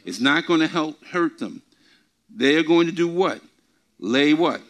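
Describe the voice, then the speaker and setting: A man teaching from the Bible before a group, often asking questions and repeating his words, reading scripture slowly with emphasis. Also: on the high side, animated. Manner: asks the congregation questions and repeats himself. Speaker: preacher. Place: church meeting before a group.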